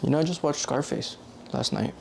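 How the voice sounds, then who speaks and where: A man's voice: on the high side, huge pitch swings, a little fast, vocal fry, noisy background. A young man vlogging in a loose, rambling way, correcting himself often and filling gaps with "like". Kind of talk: casual rambling monologue.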